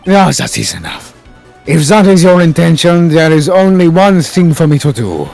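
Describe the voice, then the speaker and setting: A man's voice: on the high side, very animated, vocal fry, darkish tone, soft background music, pitched above the performer's own voice. A man voicing a suave, menacing male assassin with a put-on French accent, in a fan dub of a game. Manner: slow, theatrical menace.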